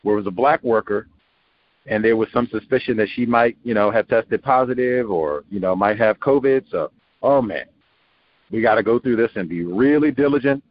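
A man hosting a radio talk show, musing in a rambling way and breaking into quoted voices with small laughs. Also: medium pitch. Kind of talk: conversational call-in radio commentary. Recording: muffled radio broadcast with faint noise.

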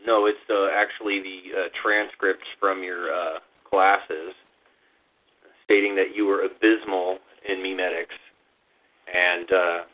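Hesitant low-voiced man, lots of ums. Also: flat delivery, takes it slowly. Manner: hesitant, full of ums and uhs. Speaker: podcast host. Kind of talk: casual chat. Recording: phone-like lo-fi line.

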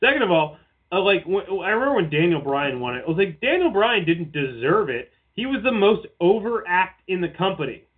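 High-voiced man on a tinny line. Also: very animated, fairly quick, husky. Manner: profane, rambling, mocking asides. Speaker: podcast co-host. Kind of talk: casual chat.

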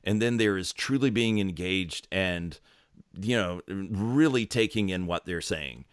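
A man's voice: low-pitched, measured pace, clean tone, no room sound, studio quality. A man co-hosting a casual podcast discussion, talking conversationally with fillers and hedges. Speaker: podcast co-host.

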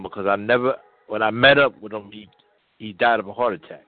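Halting man on a tinny radio line. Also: medium pitch, no room sound. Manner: halting, repeats words while reminiscing. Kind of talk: casual talk radio. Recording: dry tinny phone-like line.

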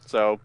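A man co-hosting a podcast, chatting casually, laughing often and setting up clips for the others. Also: dull audio. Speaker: podcast co-host. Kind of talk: casual chat.

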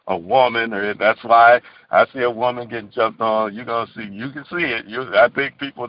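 A man's voice: medium pitch, vocal fry. A tired man hosting a call-in prayer line. He laughs often and keeps saying amen between phrases. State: tired from lack of sleep. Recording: muffled phone call audio.

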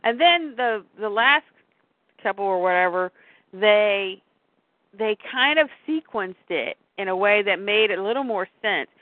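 A woman's voice: mid-range voice, animated, measured pace, no echo. A woman chatting casually as a podcast co-host, rambling and breaking off mid-sentence, acting out quotes as she goes. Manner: rambling, self-interrupting, acts out quotes. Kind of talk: casual chat. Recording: tinny phone-like line.

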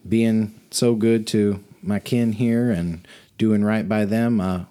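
Folksy old lady trader, guy doing the voice, drawly, homespun, kinda low-key. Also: fairly even intonation, takes it slowly, dark tone, clean tone. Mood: generous. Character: folksy older woman merchant, kindly.

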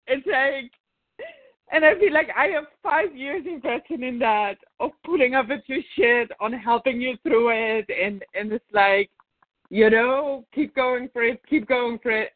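A woman in a therapy session, angrily venting and swearing at her partner, repeating her words. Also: high voice. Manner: furious, swearing, repeating herself. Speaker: therapy client. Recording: tinny dry phone-like sound.

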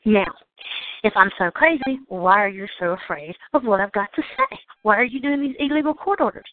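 A woman's voice: medium pitch, a little fast, no room sound. A woman from Georgia with a Southern accent, delivering an indignant, sarcastic rant and swearing freely. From Georgia, United States. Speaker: host of a call-in show. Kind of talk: angry monologue. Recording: tinny phone line.

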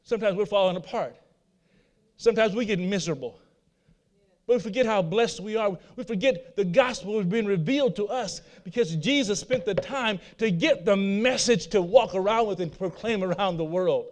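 A man's voice: high voice, moderate pace. A man preaching a sermon, repeating his points and putting rhetorical questions to his listeners. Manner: repetitive, asks the audience rhetorical questions.

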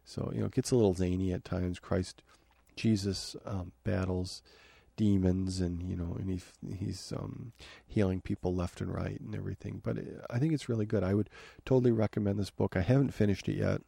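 A podcast host talks from his home office in a low, flat, gravelly voice. He rambles loosely through his thoughts. The sound is dark, husky and dry. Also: fairly quick, few pauses, no room sound. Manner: rambling, many fillers and restarts. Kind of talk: casual review talk.

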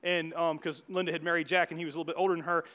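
Man, pastor, sermon in a church, quick, bright, slightly high voice, storytelling with restarts. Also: level tone. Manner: storytelling with many restarts and asides. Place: church hall.

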